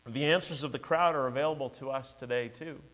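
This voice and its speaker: A man's voice: medium pitch, fairly quick, fairly bright tone. A male pastor preaching a sermon, earnest and emphatic, building repeated declarations.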